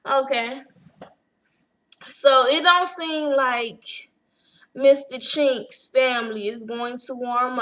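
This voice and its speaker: A woman's voice: high voice, fairly bright tone. A young woman giving a chatty, sassy recap of a reality show episode and acting out what the cast said. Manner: chatty, sassy, acts out quotes. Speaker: TV recap vlogger.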